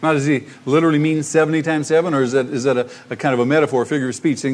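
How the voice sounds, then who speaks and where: A man preaching a sermon as pastor, retelling a parable with lively emphasis and acted-out voices. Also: mid-range voice, very fast, few pauses.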